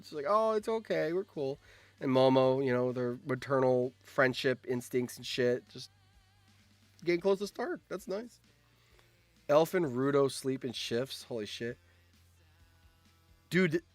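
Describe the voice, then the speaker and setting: A young man streaming, reacting to a game, excitable and swearing, with sudden shouts. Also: medium pitch, a little slow, dry recording, faint music behind.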